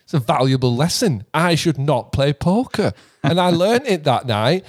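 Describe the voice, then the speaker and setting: A man's voice: fairly high pitch, animated, normal speed, no room sound, clean studio sound. A man telling rambling stories in casual chat, swearing freely and laughing often. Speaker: podcast guest musician.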